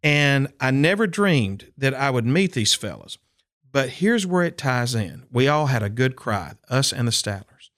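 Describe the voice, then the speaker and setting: A man's voice: mid-range voice, sing-song, unhurried, fairly bright tone. A man, a country and bluegrass singer, telling stories in an interview and acting out quotes with animation. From Upper Cumberland, Tennessee. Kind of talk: storytelling interview.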